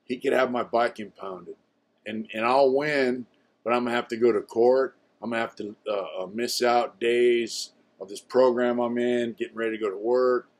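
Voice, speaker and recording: A man's voice: mid-range voice, fairly even intonation, normal speed. An older man telling his own story in a casual, blunt way, with some swearing and a lot of "you know" between phrases.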